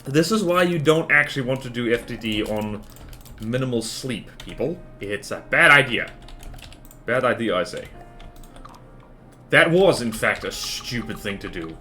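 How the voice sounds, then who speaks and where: A man's voice: medium pitch, a little slow, a little hiss or hum. A man streaming a game, giving casual, joking commentary and talking to himself. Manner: animated, jokey self-talk.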